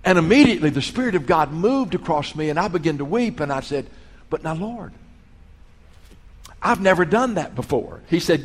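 Earnest preacher in a hall. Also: male voice, a little high, animated, normal speed. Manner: earnest, storytelling preacher, swells in volume on key phrases. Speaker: pastor. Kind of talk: sermon. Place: large hall, school auditorium. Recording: long echo of a large hall.

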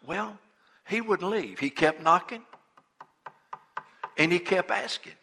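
A man's voice: high voice, lively intonation, slow pace, creaky, sharp tone, a little hiss or hum. A man preaching a sermon as a pastor, retelling a parable in folksy everyday talk and repeating words as he goes.

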